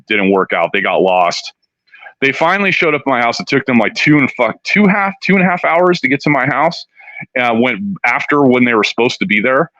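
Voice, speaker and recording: A man's voice: medium pitch, sharp tone, no echo. A middle-aged man from Southern California, telling a long story as an interview guest in a rambling, profane way, full of "you know". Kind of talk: casual storytelling. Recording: dull, dry studio sound.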